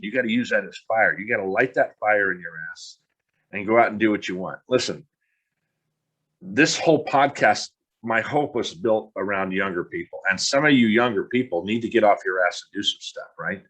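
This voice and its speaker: A middle-aged man with a fairly low voice, talking straight into the mic in a blunt monologue. He sounds frustrated and curses freely as he pushes the listener to stop making excuses. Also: moderate pace, a bit bright, breathy edge. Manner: blunt, frustrated, swears casually. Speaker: podcast host. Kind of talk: motivational podcast monologue.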